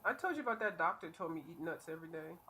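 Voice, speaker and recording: A woman's voice: fairly low pitch, animated, racing, bright, forceful tone, slight background noise. A woman hosting a livestream, chatting casually and playfully while coloring, laughing often. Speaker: host.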